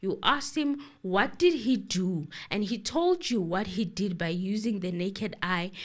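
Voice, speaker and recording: A woman commentating casually on a court trial, animated, quoting the exchanges and exclaiming as she goes. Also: medium pitch, unhurried. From South Africa. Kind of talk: casual chat.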